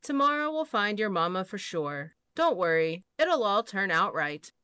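A woman voicing a kind, motherly female hedgehog in a picture book, gentle and soothing. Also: a little high, big pitch swings, a little slow, dry recording, pitched above the performer's own voice, exaggerated voice.

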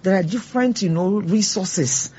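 Husky woman teaching scripture. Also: mid-range voice, moderate pace, dark tone, dull audio. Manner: earnest, rising to fervent exhortation. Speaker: Bible teacher. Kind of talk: church teaching with call-and-response.

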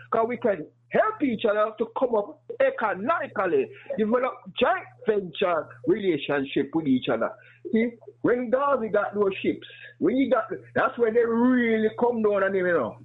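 A man's voice: high-pitched, slightly rough. A man with a noticeable accent calling in over the phone, asking a question with passion. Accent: non-American accent. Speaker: caller. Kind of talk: call-in question. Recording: tinny phone line.

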